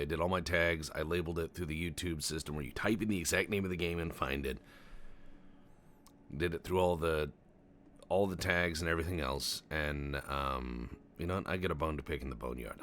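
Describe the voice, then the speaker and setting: Deep-voiced man rambling over gameplay. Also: slight background noise. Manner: stammering, swearing, deadpan absurd storytelling. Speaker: Let's Play commentator. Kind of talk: casual game commentary with rambling tall tales.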